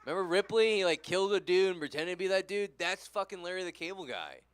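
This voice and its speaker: A man's voice: high voice, lively intonation, quick pace, clear, resonant tone, no room sound. A tired, tipsy man from California doing a rambling, crude, self-deprecating stand-up set. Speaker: stand-up comedian.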